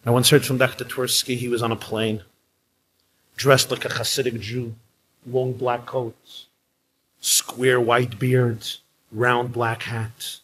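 A man, a rabbi, giving a live inspirational sermon with emphatic storytelling and dramatic pauses. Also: mid-range voice, level tone, fairly bright tone, slight background noise, low-quality recording.

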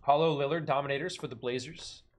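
A man's voice: mid-range voice, fairly even intonation, quick pace. Chatty young man hosting a card break. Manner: chatty, laughs often, calls out cards. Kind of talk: casual live-stream chat.

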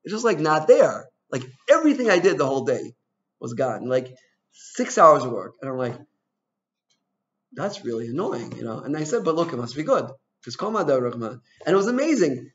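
A man's voice: on the high side, very animated, moderate pace. A man teaching an informal Torah class, chatty and full of "you know", telling personal stories and asking his listeners questions. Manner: asks the audience questions. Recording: dull lo-fi recording.

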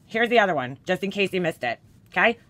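A woman's voice: fairly low pitch, very animated, moderate pace, gravelly, fairly bright tone. A woman hosting a casual drama commentary, reading screenshots of texts aloud with blunt, profane, sarcastic asides.

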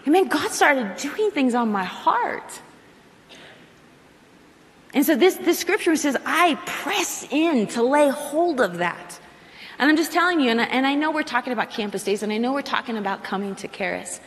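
Animated woman preaching in a reverberant hall. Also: high voice, normal speed. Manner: animated, acts out prayers in quoted asides. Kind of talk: sermon. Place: large hall with live audience.

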